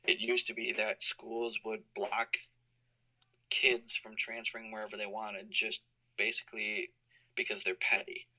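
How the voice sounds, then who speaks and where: A man's voice: lowish voice, level tone, a little slow, pushed and bright, rough recording. A man in his thirties, an alumnus answering interview questions on a call, explaining things thoughtfully with many fillers. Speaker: college compliance officer, alumni guest. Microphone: call recording.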